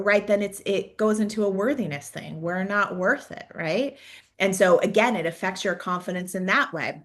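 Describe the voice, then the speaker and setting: A woman's voice: medium pitch, moderate pace. Encouraging woman career coach. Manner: conversational, peppers sentences with "right?"; encouraging, posing reflective questions. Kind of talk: coaching talk to an audience.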